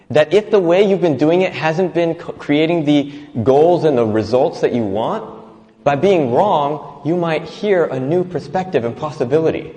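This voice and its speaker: A man's voice: medium pitch, darkish tone, big-room sound. A man giving an inspirational talk, telling stories and acting out quoted voices with little laughs. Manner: reflective, storytelling, acts out quoted voices with laughs. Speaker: motivational speaker.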